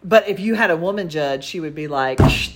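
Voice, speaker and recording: A middle-aged woman, co-hosting a casual chat and telling animated stories that she laughs through. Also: deep voice, a little fast, very noisy. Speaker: co-host.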